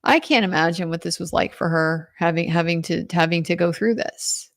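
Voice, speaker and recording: A woman legal commentator recounting courtroom testimony in an animated retelling, quoting others in her own voice. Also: lowish voice, normal speed, creaky.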